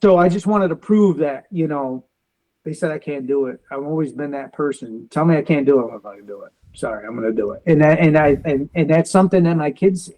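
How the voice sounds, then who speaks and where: A man's voice: on the high side, fairly quick, mellow, poor audio. A man, a military veteran, telling his story in an interview, acting out the dialogue and sounding defiant and determined.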